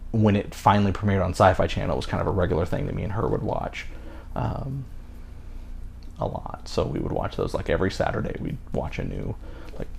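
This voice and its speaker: A man's voice: low voice, very animated, a little fast, gravelly, a little mellow, slight background noise. A man in his thirties co-hosting a podcast in casual chat, rambling with many fillers and restarts. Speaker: podcast co-host.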